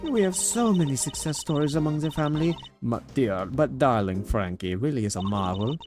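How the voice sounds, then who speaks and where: A man's voice: medium pitch, animated, normal speed, music in the background, lightly acted. A man voicing a pompous, gushing older woman prison warden in a put-on French accent. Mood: sugary. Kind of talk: game dialogue read aloud.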